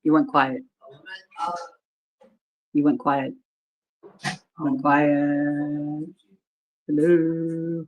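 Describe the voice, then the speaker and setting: A woman's voice: sits low, level tone, very slow, pauses often, dull audio. A woman co-hosting a livestream, folksy and chatty, greeting viewers by name. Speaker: livestream co-host. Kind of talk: casual livestream chat.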